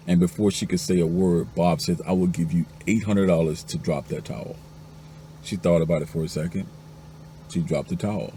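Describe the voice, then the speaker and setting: Man, very deep voice, dark and mellow tone, joke teller, slips into high voices for characters, faint noise behind. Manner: acts out the jokes' characters, going up to a high pitch for the wives. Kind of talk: telling a string of jokes.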